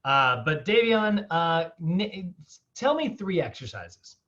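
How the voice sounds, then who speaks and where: A man's voice: fairly high pitch, very animated, takes it slowly, a bit bright. Upbeat man teaching an online class. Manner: casual, upbeat, chatty with fillers and laughs. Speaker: fitness instructor. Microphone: video call. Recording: dull lo-fi video call audio.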